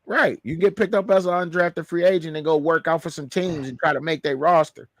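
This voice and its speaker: A man co-hosting a sports show, talking in an animated, slangy way and repeating himself as he argues. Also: a little high, brisk, dry recording. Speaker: show co-host, fan. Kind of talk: heated sports banter.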